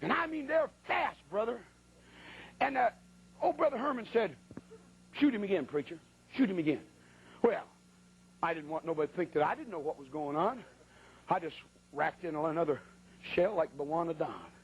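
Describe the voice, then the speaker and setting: A man's voice: on the high side, animated, moderate pace, long pauses, slightly rough, low-quality recording. A man preaching in a church, telling a folksy, colloquial story as part of a sermon. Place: church at a pulpit.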